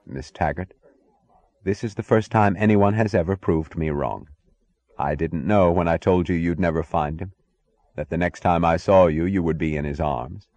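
A man reading aloud, voicing a distinguished older gentleman who speaks in a courteous, formal way. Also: low-pitched, normal speed, no echo.

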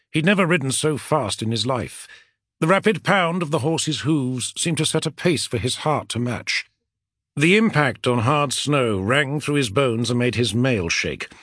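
A man reading a fantasy novel aloud as an audiobook narrator, with a dramatic, expressive delivery. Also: medium pitch, moderate pace, dry recording, clean studio sound.

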